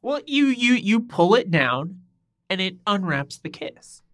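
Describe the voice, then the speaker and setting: A man co-hosting a casual podcast chat, bantering in an animated, mock-outraged way. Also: high-pitched, measured pace, no room sound. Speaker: podcast co-host.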